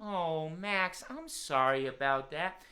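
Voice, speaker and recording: A man's voice: a little high, animated, slow pace, bright, forceful tone. A man hosting a live-streamed children's music show, talking cheerfully straight to young viewers.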